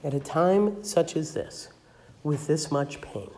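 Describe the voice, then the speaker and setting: An older woman pastor giving a sermon, retelling a Bible story with acted-out voices and sometimes dropping to a soft, hushed tone. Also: low voice, slow pace, roomy sound, slight background noise. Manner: drops to a soft, hushed voice for emphasis.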